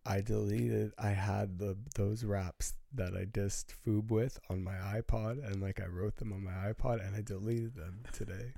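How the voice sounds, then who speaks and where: A man in a casual chat, talking haltingly with many fillers and restarts. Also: on the low side, fairly even intonation, gravelly, warm tone, no echo. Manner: hesitant, halting, full of fillers, apologetic.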